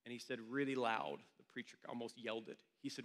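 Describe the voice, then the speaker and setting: A man's voice: mid-range voice, level tone, brisk, fairly bright tone, big-room sound. A male pastor telling a story during a sermon in a church meeting room, in a loose, conversational way.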